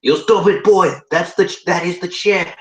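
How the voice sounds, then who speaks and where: A young man voicing a gruff, scornful old male studio manager, scolding in a put-on accent. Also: medium pitch, little pitch movement, normal speed, sharp tone, reverberant, muffled recording, natural voice. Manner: mock-foreign accent, scolding.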